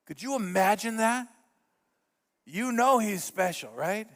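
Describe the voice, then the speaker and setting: A middle-aged male pastor preaching a sermon in a church, telling stories with lively voice shifts for the quotes. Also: high-pitched, unhurried, long pauses, big-room sound. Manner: animated storyteller, acts out quotes with voice shifts. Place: church sanctuary.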